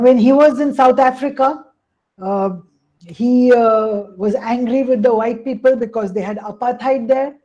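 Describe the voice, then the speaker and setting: A woman's voice: fairly high pitch, dark tone, muffled recording. A woman coach presenting a webinar on emotions, explaining at length and often saying "you know" and "hey, listen" over a call.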